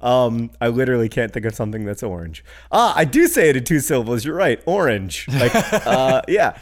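A man with a Midwestern American accent co-hosting a podcast, joking in a playful, deadpan way and laughing easily. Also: mid-range voice, a little fast. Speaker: podcast co-host. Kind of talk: casual chat.

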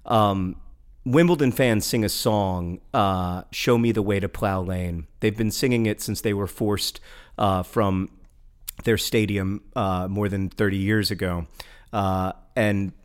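A man with a fairly low voice talks in a loose, conversational way. He is wry and enthusiastic, stacking fillers and restarts as he goes. He sounds like a regular co-host of a casual talk show. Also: steady tone, slow pace, clean tone. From American South. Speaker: podcast co-host. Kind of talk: casual chat.

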